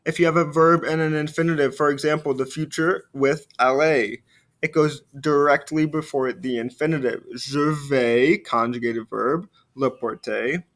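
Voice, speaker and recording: Man teaching French grammar patient lesson voice. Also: fairly high pitch. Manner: explains grammar patiently, slows down to model French phrases; frequent fillers, trails off quietly at phrase ends. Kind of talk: recorded video lesson.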